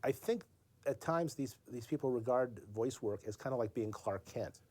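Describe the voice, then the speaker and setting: A man with a mellow, dark tone muses through an interview answer at middle pitch. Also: lively intonation, normal speed. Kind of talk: casual interview talk.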